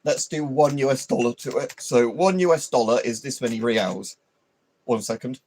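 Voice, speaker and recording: A man's voice: mid-range voice, normal speed, darkish tone, a little hiss or hum. A man hosting a livestream, rambling and swearing in an opinionated, casual chat full of fillers. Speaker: livestream host.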